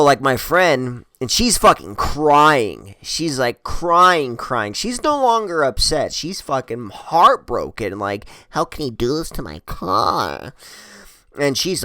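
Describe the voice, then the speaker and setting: A man's voice: a little high, pushed and bright, clean tone, dry recording, studio quality. A man telling a wild personal story in casual, rambling style, swearing constantly and chuckling at himself.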